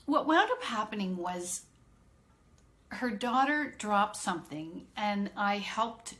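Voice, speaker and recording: A woman's voice: medium pitch, sing-song, takes it slowly, fairly bright tone. A middle-aged woman, an autism consultant, telling a chatty story on a live stream and greeting viewers by name.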